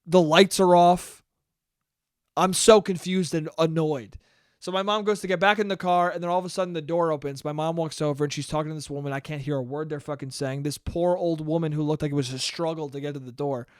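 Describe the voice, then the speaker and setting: High-voiced young man telling a story. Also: brisk, clean tone, no room sound, studio quality. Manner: animated, swears often, acts out quotes. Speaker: podcast host. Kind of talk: casual storytelling monologue.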